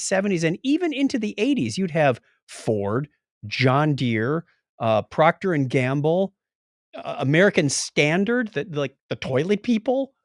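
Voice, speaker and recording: A man's voice: fairly high pitch, no room sound, clean studio sound. A man hosting a podcast, joking around casually and rattling off lists of names. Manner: jokey, animated, rattles off lists quickly. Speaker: podcast host. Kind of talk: casual chat.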